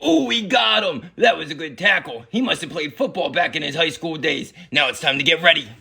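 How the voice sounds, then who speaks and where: A sketch comedian playing every role in a family comedy sketch, switching between put-on voices and often shouting. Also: mid-range voice, expressive, brisk, gravelly, breathy edge, no room sound. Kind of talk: one-man comedy sketch with many voices.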